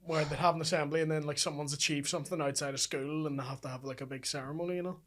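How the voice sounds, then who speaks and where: A man's voice: on the high side, fairly even intonation, very fast, a bit bright. A man, a podcast guest telling school stories in casual chat, laughing and swearing.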